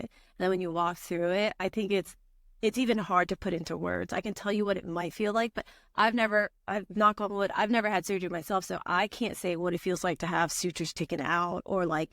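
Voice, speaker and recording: A woman's voice: mid-range voice, dry recording, studio quality. A young woman, a physician assistant and podcast guest, talking candidly and chattily with many "like"s and easy laughter. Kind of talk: casual conversational podcast.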